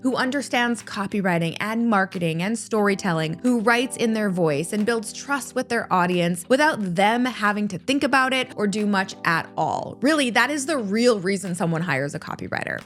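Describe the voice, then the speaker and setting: An upbeat woman coaching straight to camera in a clear, direct voice that sits in the middle of the usual range. Soft music plays quietly behind her. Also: mid-range voice, expressive, moderate pace, hardly any pauses. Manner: upbeat and direct, acts out client phrases. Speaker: host, copywriting coach. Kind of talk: scripted coaching talk to camera.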